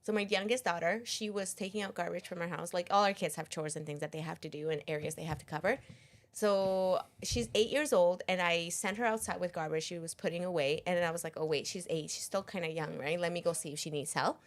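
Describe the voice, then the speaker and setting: A woman's voice: fairly low pitch, fairly even intonation, fast. A woman co-hosting a podcast in casual chat, teasing and laughing often. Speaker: podcast co-host.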